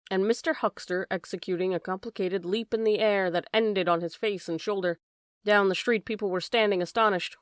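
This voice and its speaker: A woman narrating an audiobook of a classic novel in a measured, even reading. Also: mid-range voice, clear, resonant tone, no room sound, clean studio sound. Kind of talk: scripted narration.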